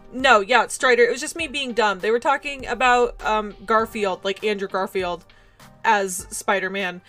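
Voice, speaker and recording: A woman's voice: medium pitch, a bit bright. A young adult woman streaming a game, chatting casually with viewers in a giggly, self-deprecating way. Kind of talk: casual livestream chat while playing a game.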